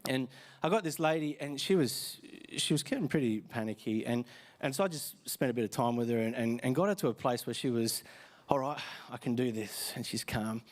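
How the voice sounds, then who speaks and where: A man's voice: mid-range voice, lively intonation, a little fast. A tired man with an Australian accent, a pastor chatting through a casual sermon from a church stage, telling stories with many fillers and restarts.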